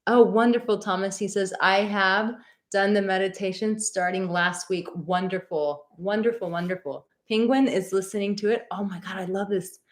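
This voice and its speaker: Lower-pitched woman hosting a live advice chat. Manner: reads viewer comments aloud and answers them; encouraging, direct, repeats words for emphasis. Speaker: advice show host.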